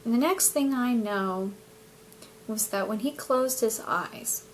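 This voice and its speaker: Woman, higher voice, excitable, hedging, casual personal storytelling. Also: takes it slowly, a little hiss or hum. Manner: animated, excitable, often hedging. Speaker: spiritual channel host.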